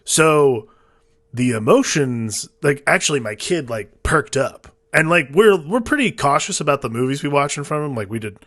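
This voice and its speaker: A man's voice: a little high, expressive, moderate pace, fairly bright tone, dry recording. Man, thirties, rambling podcast co-host, dry close mic. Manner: rambling, lots of filler "like", restarts. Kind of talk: casual film podcast chat.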